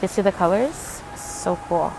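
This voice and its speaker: A woman's voice: mid-range voice, animated, a little slow, vocal fry, noisy background. A young woman chatting casually to her phone camera in a rambling vlog, full of fillers. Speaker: vlogger. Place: outdoors on a walk, then at home.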